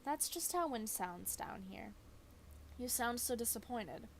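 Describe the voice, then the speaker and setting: A woman's voice: fairly high pitch, expressive, unhurried, vocal fry, slight background noise. A woman voicing a breezy young woman who hunts ghosts and talks in a wry, offhand way.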